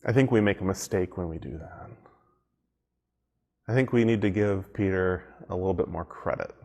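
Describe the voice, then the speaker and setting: A man's voice: low voice, moderate pace, a little mellow. A man as pastor giving a devotional sermon, reflective and conversational, repeating phrases for emphasis.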